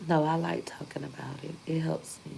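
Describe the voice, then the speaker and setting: Gravelly low-voiced woman, candid vlog storytelling. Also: fairly even intonation, normal speed, dark tone, slight background noise, low-quality recording. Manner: candid, emphatic, repeats points for force. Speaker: vlogger. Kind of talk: casual storytelling to viewers.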